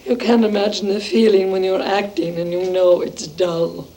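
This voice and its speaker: An actress playing an exhausted, overwrought young actress in a stage play, dropping to whispers and rising to outbursts. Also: female voice, medium pitch, fairly even intonation, moderate pace, dark tone, lightly acted, poor audio. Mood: despairing. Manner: breathless, shifting between whispers and outbursts.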